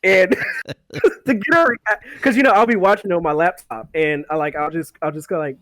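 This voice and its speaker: Rambling, laugh-prone man, fairly high voice. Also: moderate pace, a bit bright, no echo. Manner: rambling, laughs often, repeats words. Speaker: podcast host. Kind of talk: casual chat.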